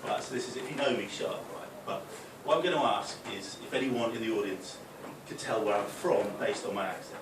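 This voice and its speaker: A man's voice: on the low side, a little fast, few pauses, echoey room. Young man from Newcastle with a faint Geordie accent, doing stand-up and ribbing the crowd; picked up from far back in a noisy club room. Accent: mild Geordie, mostly softened. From Newcastle, England. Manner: chatty, crowd-teasing, sweary, says "right?" a lot. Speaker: stand-up comedian. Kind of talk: stand-up comedy. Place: small club function room with audience.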